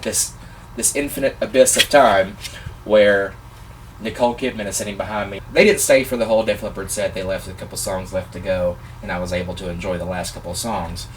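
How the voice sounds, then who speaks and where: A man vlogger telling a personal story in a casual, excitable, animated way, gushing like a fan. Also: deep voice, fairly quick, recorded from a distance, slight background noise.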